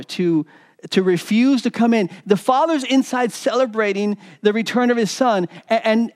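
A man's voice: high-pitched, darkish tone. A man preaching a sermon as pastor, retelling a parable with repeated words and acted-out quoted lines. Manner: preaching with repetitions, acting out quoted voices.

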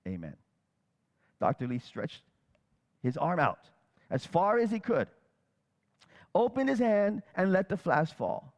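A man tells stories in a sermon, acting out the people he quotes with animated retellings. His voice is high-pitched and a little slow with frequent pauses, and the sound suggests a big room.

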